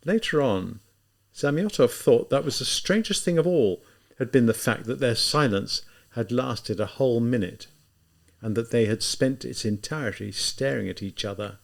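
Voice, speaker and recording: A man giving measured, expressive scripted narration of a novel. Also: medium pitch, vocal fry. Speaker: audiobook narrator.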